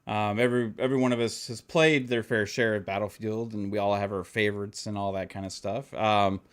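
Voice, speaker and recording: A man's voice: on the low side, flat delivery, a little fast. Joking podcast host, laughing man. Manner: laughs often, reads chat shout-outs, joking. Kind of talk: casual podcast chat.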